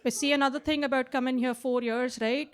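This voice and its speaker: A woman's voice: sits high, fairly even intonation, a little fast. A woman in her late twenties from India with a twang, doing a chatty stand-up set on a club stage mic. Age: late 20s. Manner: chatty, tags lines with "right?". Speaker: stand-up comedian. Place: basement comedy club.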